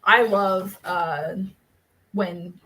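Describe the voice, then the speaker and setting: A chatty woman co-hosting a relaxed live writing stream from home, her voice sitting at an ordinary middle pitch. She talks loosely and laughs often, breaking off now and then to tell her dogs to settle down. A faint hum of room noise sits under her voice. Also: very slow, poor audio. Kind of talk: casual chat.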